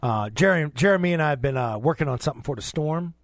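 A man co-hosts a radio show in loose, teasing banter. His voice is fairly high and swings up and down a lot. The sound is close and dry. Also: quick pace, no echo. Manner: joking, teasing, animated. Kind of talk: casual banter.

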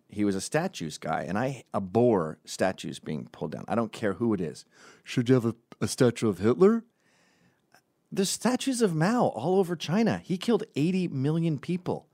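A man's voice: on the low side, a little mellow, dry recording. A man ranting comedically as a podcast host, rambling and profane, jumping between tangents. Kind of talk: comedic rant.

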